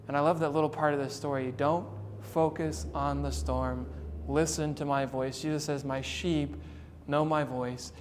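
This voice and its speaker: A man preaching a sermon in an earnest, dramatic way, retelling a story and slowing down to stress his points. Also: fairly high pitch, big-room sound, a little hiss or hum.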